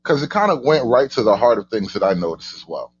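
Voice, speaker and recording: A man's voice: fairly low pitch, sing-song, fast, dull audio. A man hosting a casual reaction commentary, stumbling over and repeating his words, with mock outrage and sarcasm. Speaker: host of a political commentary channel.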